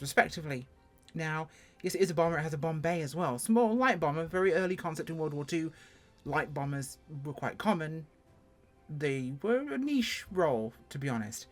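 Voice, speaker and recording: An English speaker from England gives a casual first-look review of a flight sim plane. He's chatty and self-deprecating, and his pitch jumps suddenly.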